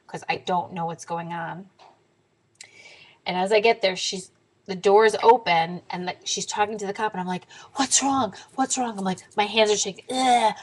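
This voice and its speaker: A young woman telling a story in a casual vlog to camera, animated and swearing freely, sometimes dropping to a whisper. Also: on the low side, poor audio. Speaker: diet vlogger.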